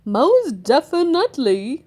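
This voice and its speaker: A woman's voice: high voice, sing-song, slow, a little mellow, full character voice. A woman reading aloud and voicing a jolly old grandfather pig in a hearty, playful way.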